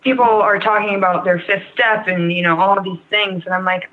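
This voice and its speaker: A young woman speaks candidly as a guest, her story tumbling out in loose, rambling sentences full of "like" and "um". Her voice sits in an ordinary middle pitch. It comes through a narrow, tinny remote-call connection from her computer. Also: fairly even intonation, fairly quick, few pauses. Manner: rambling, frank, heavy use of "like" and "um". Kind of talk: candid personal story in an interview. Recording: tinny phone-like line.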